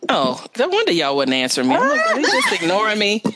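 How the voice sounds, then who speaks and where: A woman from Louisiana with a New Orleans accent, co-hosting a casual chat over a remote call and telling stories with drawn-out emphasis. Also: medium pitch, huge pitch swings, very noisy. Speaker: podcast co-host.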